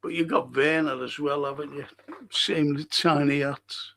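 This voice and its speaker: An older man with a gravelly, slightly high voice, talking through a live football match. He is blunt and swears freely, shouting players forward between bits of chat. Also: fairly even intonation, measured pace, a little hiss or hum. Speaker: podcast host reacting live to a match.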